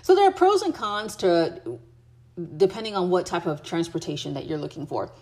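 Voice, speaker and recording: A woman's voice: on the low side, animated, moderate pace, darkish tone. An American woman giving travel tips in a casual, chatty way, with many fillers and restarts. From United States. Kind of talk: casual advice chat.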